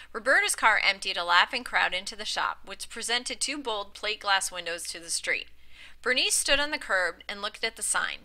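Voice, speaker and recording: A woman's voice: medium pitch, bright, forceful tone, low-quality recording. A woman reading a literary short story aloud as narrator, with occasional slips and restarts and a livelier lift for the dialogue. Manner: reads aloud with small slips and restarts, lifting her voice for quoted lines. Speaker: reader. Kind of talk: audiobook narration.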